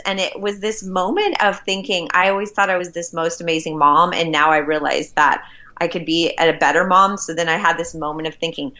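A woman's voice: on the low side, fairly even intonation, fairly quick, bright, forceful tone. A woman co-hosting a podcast, sharing a personal story in an earnest, open way. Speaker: podcast co-host. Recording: dull lo-fi sound.

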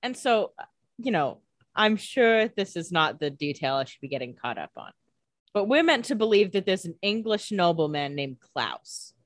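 A woman's voice: fairly low pitch, sing-song, moderate pace, no room sound. A woman co-hosting a casual podcast, making wry, joking comments and swearing casually. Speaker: podcast co-host. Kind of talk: casual chat.

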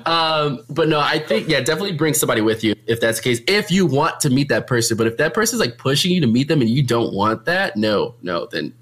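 A man's voice: a little high, lively intonation, fast, hardly any pauses, a bit bright. A young man who streams and runs meetups, talking in a casual chat, laughing often and filling his speech with "like". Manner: chatty, laughs often, many filler likes.

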